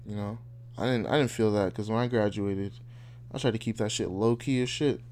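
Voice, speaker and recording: A man's voice: fairly low pitch, steady tone, brisk, darkish tone, slight background noise. A man in his twenties hosting a podcast, ranting casually in a blunt, heated, profane way. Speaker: podcast host. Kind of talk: casual rant.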